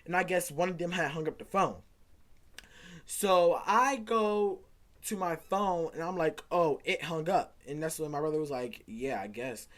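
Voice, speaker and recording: A young man, likely in his teens, telling a casual storytime, rambling and animated as he acts out quoted back-and-forth dialogue. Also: fairly high pitch, unhurried. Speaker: vlogger.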